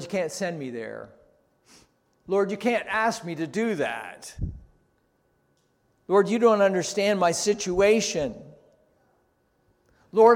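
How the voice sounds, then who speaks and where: A man voicing an impulsive adult male disciple who protests and pleads, his voice pushed up high and loud. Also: big-room sound. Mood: pleading. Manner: flustered, insistent pleading.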